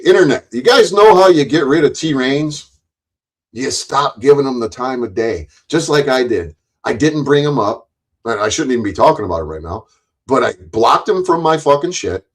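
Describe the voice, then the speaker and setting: A man's voice: mid-range voice, low-quality recording. A man hosting a live stream, ranting angrily with lots of cursing and rambling restarts.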